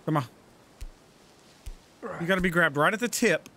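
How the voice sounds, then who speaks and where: A man giving gaming commentary, talking himself through moves and yelling and swearing at the game. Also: fairly high pitch, normal speed. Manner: swears a lot and yells at the game. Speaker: let's play gamer.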